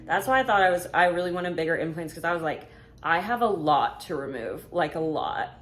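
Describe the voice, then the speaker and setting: A woman's voice: fairly low pitch, expressive, brisk, slight background noise. A woman, talking casually through a Q&A vlog, frank and full of fillers. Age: 20s. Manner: chatty, filler-heavy, frank. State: slightly out of breath. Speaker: vlogger.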